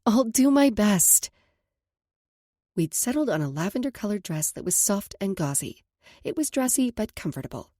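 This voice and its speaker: A woman narrating a first-person romance audiobook with a husky, mellow voice. Her reading is soft and intimate, sitting a little low. The recording is dry and close. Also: sing-song, a little fast, dry recording.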